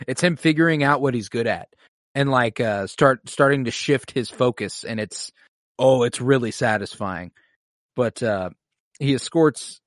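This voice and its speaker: A man's voice: medium pitch, no echo, clean studio sound. A man co-hosting a casual podcast, animatedly retelling scenes and acting out characters' lines. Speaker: podcast co-host recapping a TV episode. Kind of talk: casual chat.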